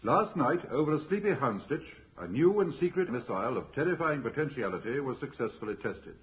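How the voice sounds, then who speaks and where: Man doing a solemn newsreader, portentous, lively intonation, old muffled broadcast. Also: mid-range voice, a little fast, voice pushed down, lightly acted. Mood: grave. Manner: grave, portentous news delivery. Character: solemn male newsreader parody. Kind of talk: 1950s radio comedy acting. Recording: dull old radio recording.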